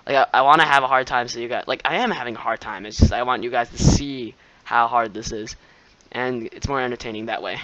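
A young man giving live gameplay commentary, excitable, laughing often and shouting at the players who beat him. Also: medium pitch, brisk, dull audio.

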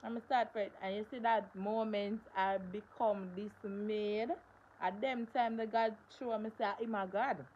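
A woman's voice: mid-range voice, steady tone, a little slow, darkish tone, highs cut off, a little hiss or hum. A young woman, telling a story on her livestream in an emphatic way, repeating phrases for stress. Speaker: livestream host.

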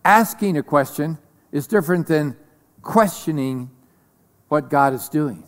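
A man preaching a sermon as pastor, slow and deliberate, swinging between loud declarations and soft whispers. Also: fairly high pitch, expressive, long reverb tail. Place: church sanctuary.

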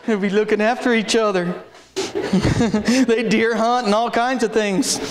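Brief: man, pastor, very high voice, folksy stories and shouted calls, echoey sanctuary. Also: fairly even intonation, measured pace. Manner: folksy storytelling with sudden shouted exhortations. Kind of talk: sermon. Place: church sanctuary. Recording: echoey church room.

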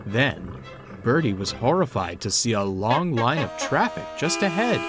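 A man narrating a children's story in an expressive storytelling manner. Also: medium pitch, measured pace, music in the background.

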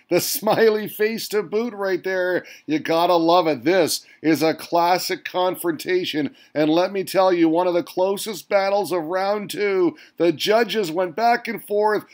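Male host doing mock sports commentary, high-pitched and pumped, punchy hype calls. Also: measured pace, few pauses. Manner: hyped announcer delivery with exclamations.

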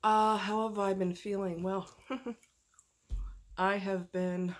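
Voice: medium pitch, flat delivery, very slow. A vlogger in a casual talking-head video, speaking candidly and emphatically with frequent fillers while in pain from a fractured ankle.

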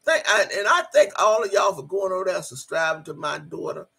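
A woman's voice: on the low side, expressive, brisk, creaky, bright, forceful tone, slightly rough. A middle-aged woman hosting a casual livestream, reading out the chat and talking straight to viewers, emotional and swearing freely.

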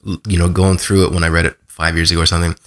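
Podcast host, man, quick and low, rambles and corrects himself as he chats. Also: level tone, a bit bright. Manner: rambling, self-correcting, chatty. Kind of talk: casual interview conversation.

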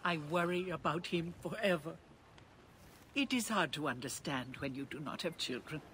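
An anxious father in a game frets about his son in a bright, slightly high voice. His words carry a worried edge. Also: lively intonation, moderate pace, a little hiss or hum.

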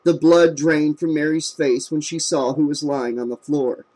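A man narrating a horror novel in a steady, measured reading voice. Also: on the high side. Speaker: audiobook narrator. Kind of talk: scripted narration.

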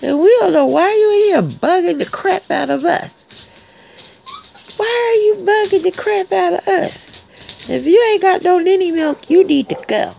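A woman's voice: very high voice, animated, moderate pace, gravelly, darkish tone, a little hiss or hum, pitched above the performer's own voice, heavily acted. A woman voicing a small, demanding newborn puppy that complains and pleads in a baby voice. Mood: indignant. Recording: dull lo-fi recording.

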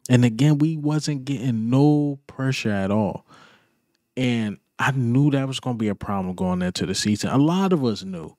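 A man's voice: mid-range voice, lively intonation, moderate pace, mellow, no echo, studio quality. A man vlogging a frustrated, emphatic sports reaction rant, repeating his points in casual slang.

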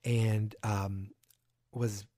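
A man hosting a fan podcast, recapping an episode in a lively, casual way and briefly mimicking the characters' lines, recorded indoors at home. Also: on the low side, extremely slow, dry recording, studio quality. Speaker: podcast host.

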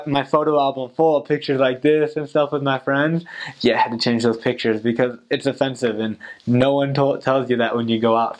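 A young American man, a returned missionary, giving casual advice in a chatty way full of "like" fillers. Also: mid-range voice. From United States.

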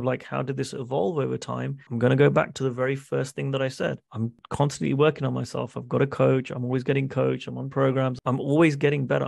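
A man's voice: medium pitch, creaky, darkish tone, dry recording, studio quality. A man speaking as a business coach in a masterclass, earnest, acting out dialogue and often checking in with "right?". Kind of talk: masterclass talk on a video call.

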